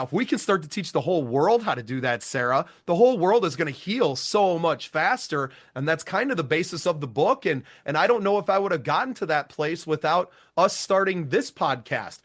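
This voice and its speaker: A man's voice: on the high side, lively intonation, normal speed, hardly any pauses, a bit bright. A man co-hosting a podcast, blunt and profane but earnest, speaking in casual chat. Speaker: podcast co-host.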